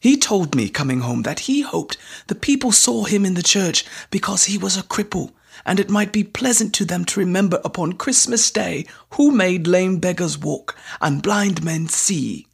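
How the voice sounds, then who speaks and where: A woman voicing a humble, tender father who is soft-spoken and emotional, with a husky voice. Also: fairly low pitch, animated, normal speed, hardly any pauses, exaggerated voice.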